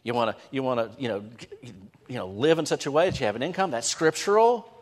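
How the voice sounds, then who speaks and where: Pastor guy preaching, goes hushed then loud, middle-pitched voice, big hall echo. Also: fast talker. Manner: animated preaching, shifting from hushed to emphatic. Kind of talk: sermon. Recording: long reverb of a large hall.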